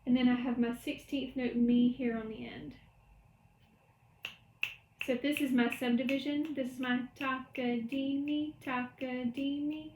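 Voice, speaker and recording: A woman music teacher records a lecture at home, walking through rhythm patterns step by step. Her voice sits high, and the room around her is noticeably echoey. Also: level tone, normal speed, pauses often, a little mellow, a little hiss or hum. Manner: explains step by step, chants rhythm syllables.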